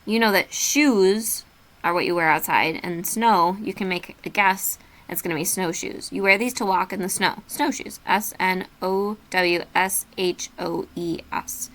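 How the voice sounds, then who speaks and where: A patient woman teacher talks students through a worksheet in a steady, mid-pitched voice. She slows down to spell words out letter by letter and keeps her instructions simple. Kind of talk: remote classroom lesson.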